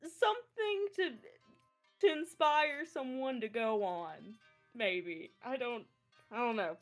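A woman's voice: fairly high pitch, expressive, slow, faint music behind. A woman playing in a tabletop game, giggly and playful. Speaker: player. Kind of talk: casual tabletop play.

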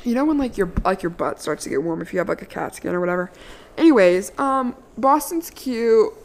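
A woman's voice: medium pitch, fairly quick. Chatty young woman telling a story. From Washington, D.C. area. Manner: chatty, animated, lots of "like" fillers, occasional swearing. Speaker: vlogger. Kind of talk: casual storytelling.

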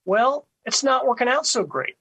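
A man talks through his show's monologue in a relaxed, conversational way. His voice sits high for a man and has a husky grain. He stumbles over words now and then and keeps checking in with the listener. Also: moderate pace, rough recording. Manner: conversational, repeats words, frequent "right?". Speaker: radio talk show host. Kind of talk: monologue commentary.

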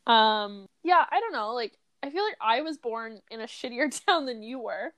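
A young woman co-hosts a podcast, teasing and giggling through filler-heavy chat. Her voice is slightly high. The mic is close and dry. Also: lively intonation, normal speed, fairly bright tone, no room sound. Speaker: podcast co-host. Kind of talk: casual chat.

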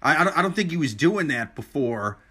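A man's voice: fairly high pitch, sing-song, fairly quick, fairly bright tone, breathy edge. Blunt, crude young man chatting. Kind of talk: casual podcast chat.

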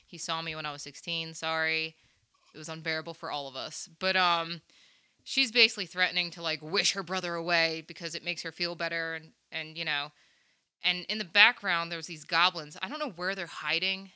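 A woman's voice: on the low side, brisk, smooth. A young woman hosting a podcast, chatting casually and animatedly as she retells a movie scene. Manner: chatty, animated retelling with quoted voices and laughs. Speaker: podcast host. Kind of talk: casual movie recap chat.

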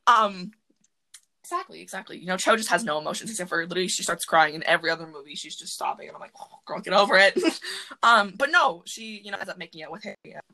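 A woman hosting a podcast from her closet, chatting casually and rambling excitedly with lots of fillers. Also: on the low side, fast talker, creaky, low-quality recording. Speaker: podcast host. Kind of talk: casual chat.

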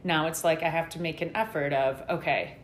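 A candid middle-aged woman with a lower voice, speaking earnestly and rambling a little, like a guest in a casual interview. Her voice carries the echo of the room around her. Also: fairly even intonation, fairly quick, a little hiss or hum.

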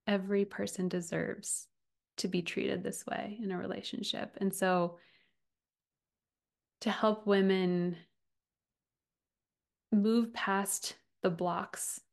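A woman in her thirties hosting a podcast, talking earnestly and from the heart about relationships, often with a soft laugh. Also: medium pitch, gravelly. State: getting emotional. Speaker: podcast host and relationship coach. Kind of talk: personal podcast monologue.

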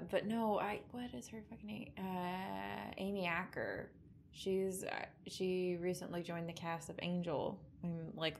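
A woman with a slightly low-pitched voice, chatty and sardonic as she co-hosts a loose film recap. She swears freely and keeps things conversational. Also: a bit bright, a little hiss or hum. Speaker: podcast co-host. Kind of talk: casual chat recapping a film.

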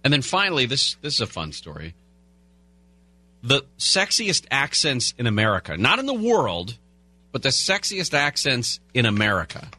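Bright-voiced male talk radio host. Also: medium pitch, wildly swooping pitch, moderate pace. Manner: casual, rambling asides between headlines. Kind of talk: talk radio chat and news rundown. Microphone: studio broadcast mic.

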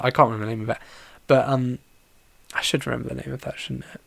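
Gravelly, rambling solo podcast host. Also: medium pitch, steady tone, quick pace, no room sound. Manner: rambling, heavy use of "like" fillers and restarts. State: tired and yawning. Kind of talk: casual solo podcast chat about a film.

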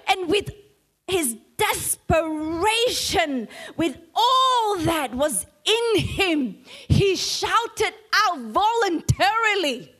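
A woman's voice: high-pitched, fairly bright tone. A woman preacher retelling a story in a sermon, dramatic and often repeating and stammering over words.

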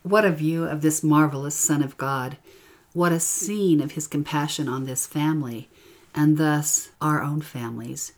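A middle-aged woman teaching a gospel lesson and reading scripture aloud in a gentle, earnest way. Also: low-pitched, a little slow.

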